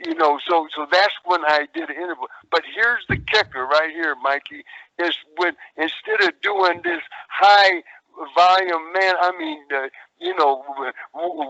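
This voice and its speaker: A man's voice: sits high, creaky, pushed and bright, no room sound, dull audio. An older man, a wrestling veteran, telling stories in a rambling interview, with many stalls and repeated words. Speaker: retired wrestler guest.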